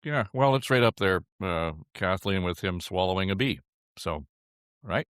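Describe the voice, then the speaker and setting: A man's voice: low voice, expressive, normal speed, a bit bright, clear, resonant tone, dry recording, studio quality. An older man hosting a political podcast panel in an easygoing, chuckling way. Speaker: podcast host. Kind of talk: casual panel chat.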